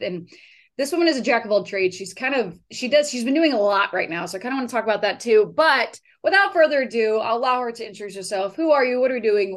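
A woman hosting a podcast, chatting casually with loose swearing and lots of fillers and restarts. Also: on the high side. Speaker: podcast host.

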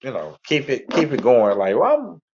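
A man's voice: mid-range voice, lively intonation, normal speed, darkish tone. Rambling man on lo-fi internet radio. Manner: rambling, repetitive, laid-back. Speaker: radio show host. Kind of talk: casual monologue.

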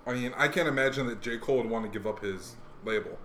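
A man's voice: medium pitch, fast, fairly bright tone, slight background noise. A man in casual chat, rambling and hedging with lots of fillers. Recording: echoey room, faint ambience.

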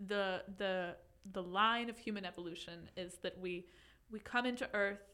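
A woman's voice: mid-range voice, moderate pace, bright, forceful tone. A young woman co-hosting a casual chat podcast, rambling and giggly, reading a Reddit post aloud. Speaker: podcast co-host.

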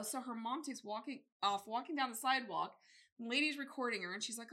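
A woman's voice: fairly high pitch, fast talker. A woman in her forties co-hosting a casual podcast, telling stories and acting out the voices of the people in them. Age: 40s. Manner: animated storyteller, acts out quoted voices. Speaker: podcast co-host. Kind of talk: casual chat.

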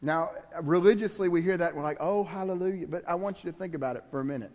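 This guest preacher, a man with a high voice, talks fast and sounds a little mellow. His sermon is emphatic yet conversational, full of asides aimed at the congregation, and it rings with a long echo in the church hall.

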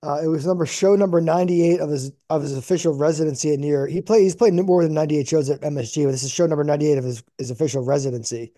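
An easygoing male podcast co-host chats and teases his partner, filling pauses with ums. His tone is very dark and mellow, a touch higher than most men, and the recording is dry and close. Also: steady tone, no room sound. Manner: easygoing, teasing, with frequent ums. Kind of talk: casual chat.

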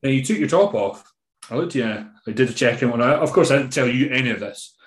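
On a podcast, a Scottish bodybuilding coach tells loose, casual stories packed with swearing and fillers. He talks fast in a mid-range voice, and the recording has a roomy sound.

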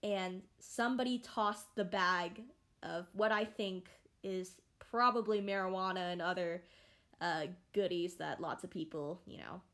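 A woman's voice: fairly low pitch, a little slow. Rambling young woman podcaster. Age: young adult. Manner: rambling and animated, many fillers and restarts. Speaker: podcast host. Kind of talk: casual solo podcast chat.

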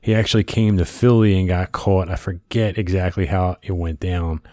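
A man, co-hosting a casual chat and telling stories with animated, acted-out quotes. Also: low-pitched, moderate pace, no room sound, studio quality. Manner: animated storyteller who acts out quotes loudly.

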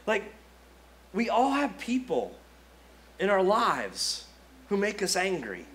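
Male pastor, higher voice, chatty lively sermon delivery that acts out the quotes. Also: slow. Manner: conversational and lively, acting out quotes, frequent "like".

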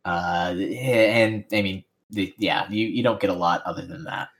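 A man serves as game master for a tabletop game, narrating in a low, unhurried voice. He sounds relaxed and rambles, leaning heavily on filler words.

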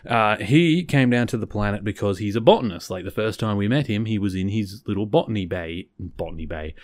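A man's voice: lowish voice, a little fast, no echo. A man hosting a podcast, recapping an episode in a casual, rambling way and often correcting himself. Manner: rambling, self-correcting, conversational. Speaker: podcast host.

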